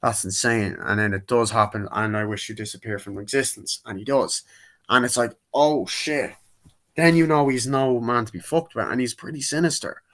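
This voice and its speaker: A young man giving a casual spoken movie review, rambling and acting out scenes in quick impressions. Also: medium pitch, fairly even intonation, a bit bright.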